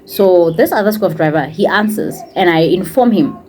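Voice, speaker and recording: In a casual vlog, a former teacher recounts a personal story with animation, voicing other people's words and slipping into Setswana. The young woman speaks Setswana-accented English in a lowish voice at a moderate pace, over slight background noise.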